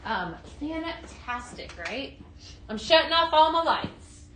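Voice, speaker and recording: A woman's voice: high-pitched, big pitch swings, slow, a bit bright, slight background noise. A woman hosting a casual live-stream product demo from home, chatting upbeat with lots of fillers. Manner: chatty, upbeat sales patter with many fillers. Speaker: home-fragrance live-sale host.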